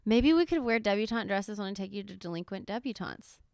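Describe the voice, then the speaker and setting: A woman from Texas hosting a podcast, asking questions in a lively, giggly, teasing way. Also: medium pitch, a little fast, gravelly, clean tone, no echo, studio quality. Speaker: podcast host. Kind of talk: casual interview chat.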